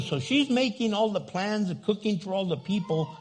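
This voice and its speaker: A man's voice: high-pitched, moderate pace. An older man preaching a humorous sermon, often acting out voices. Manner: animated, humorous, acts out voices in quotes. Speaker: pastor.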